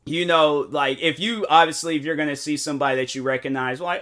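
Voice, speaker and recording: Animated young man rambling casually. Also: a little high, a little fast. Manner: rambling, animated, many fillers and restarts. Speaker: content creator. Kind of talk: casual monologue.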